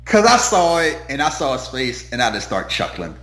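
A man's voice: mid-range voice, big pitch swings, moderate pace, a bit bright, soft background music. A man co-hosting a casual chat about a TV show, swearing freely and acting out scenes in put-on voices. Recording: roomy echo.

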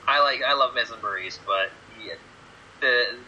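A man's voice: medium pitch, normal speed, pushed and bright, dull audio, a little hiss or hum. A man co-hosting a podcast in casual chat, dropping dry, wry asides. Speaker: podcast co-host.

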